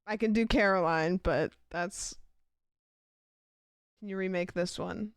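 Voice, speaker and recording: A woman's voice: medium pitch, slow, clear, resonant tone, no echo, clean studio sound. A young woman chatting casually on a live stream, giggling often and reacting aloud to clips.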